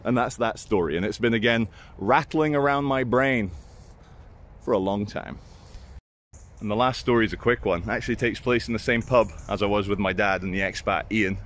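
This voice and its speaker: A man's voice: fairly low pitch, normal speed, a bit bright. A British man vlogging casual anecdotes in a rambling, crude and self-mocking way.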